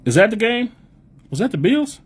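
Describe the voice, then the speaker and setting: A young man from the US Midwest speaks at normal speed in a high-pitched, sing-song voice with a breathy edge. Hosting a live podcast, he reads chat aloud and chats casually and profanely, repeating himself while rambling.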